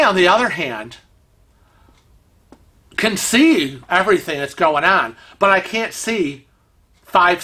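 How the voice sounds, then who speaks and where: A man telling a story in an animated, excitable way to his vlog viewers. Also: fairly high pitch. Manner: animated, excitable storytelling with laughs and acted-out quotes. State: vision impaired, uses a cane. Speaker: vlog host. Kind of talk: casual storytelling.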